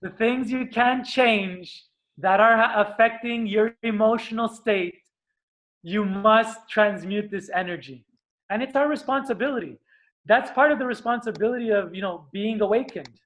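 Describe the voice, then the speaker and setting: A man's voice: high voice, moderate pace. Earnest man giving a spiritual talk. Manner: earnest, animated, acts out screams and stomps. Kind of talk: motivational talk.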